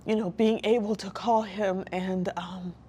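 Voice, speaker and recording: A woman talking as an interview guest, earnest and reflective, with pauses and restarts. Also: mid-range voice, fairly even intonation, mellow, a little hiss or hum. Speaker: guest, licensed counselor. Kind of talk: candid personal interview talk.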